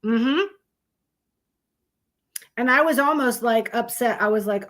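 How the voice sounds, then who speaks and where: Slow-talking woman chatting with her stream. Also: fairly high pitch, fairly bright tone. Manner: chatty, swears freely, greets viewers by name. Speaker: live stream host. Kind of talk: casual live stream chat with viewers.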